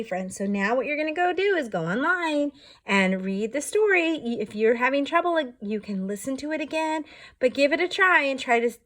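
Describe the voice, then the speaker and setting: A woman teacher reading a storybook to young children, asking gentle, encouraging questions. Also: on the high side.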